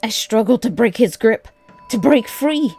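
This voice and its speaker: A woman narrating a first-person horror story in a measured, deliberate way. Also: fairly high pitch, expressive, gravelly, darkish tone, soft background music.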